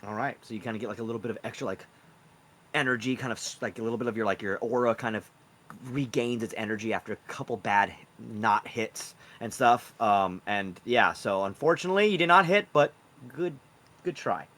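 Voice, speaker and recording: A man's voice: mid-range voice, brisk, a bit bright. A man narrating a tabletop game as game master, rambling with many fillers.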